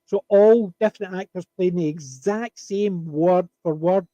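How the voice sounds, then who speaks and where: A man chatting on a panel, telling an animated anecdote and chuckling at his punchlines. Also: high-pitched, a little slow, no echo. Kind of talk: casual storytelling chat.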